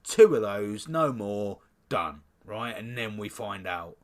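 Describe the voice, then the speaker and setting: A young British man co-hosting a podcast, ranting in animated casual chat and swearing freely. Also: on the low side, slow, few pauses. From United Kingdom. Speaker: podcast co-host.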